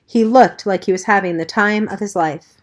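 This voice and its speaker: A woman's voice: mid-range voice, moderate pace. Woman reading a novel aloud. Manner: steady, plain reading. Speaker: audiobook reader. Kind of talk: first-person novel narration.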